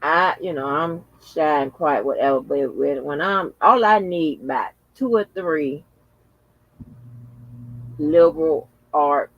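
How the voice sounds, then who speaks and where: Talking straight to his viewers as y'all, a channel host gives profane, exclamation-filled casual vlog commentary. He speaks slowly in a fairly high, fairly bright voice, and the lo-fi recording has no room sound.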